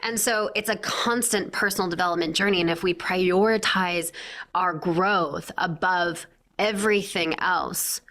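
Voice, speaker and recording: A woman's voice: fairly low pitch, steady tone, unhurried, fairly bright tone. A woman in her thirties, a breathwork founder chatting as a guest, full of "like" fillers. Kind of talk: casual interview chat.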